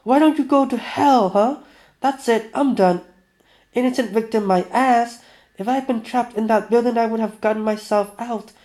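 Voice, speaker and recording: A man's voice: sits high, moderate pace, warm tone, voice pushed up. A man voicing a drunk, boastful village man who jeers and talks big, reading game dialogue aloud. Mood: jeering. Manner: brash, jeering, raised voice.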